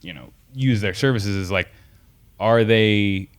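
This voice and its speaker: A male podcast host with a low, deep voice who talks in a loose, casual way. His questions ramble, and he keeps restarting them with fillers before he reaches the point. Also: a little slow, smooth. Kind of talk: casual interview chat.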